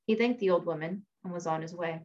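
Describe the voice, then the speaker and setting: A woman reading a fairy tale aloud in a measured storytelling manner. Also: fairly low pitch, a little mellow. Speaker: reader. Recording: dull lo-fi recording.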